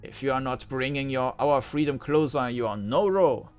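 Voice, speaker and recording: A man's voice: mid-range voice, moderate pace, clear, resonant tone, soft background music, natural voice. A man reading out a stern, proud female village master in a game, in a solemn and defiant way. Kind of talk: reading game dialogue aloud.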